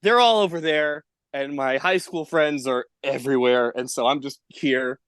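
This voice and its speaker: Young male podcast guest, easygoing, quick to laugh, dry close sound. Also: medium pitch, fairly bright tone, smooth, no echo. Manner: laughs often, self-deprecating. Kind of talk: casual chat. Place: parents' house.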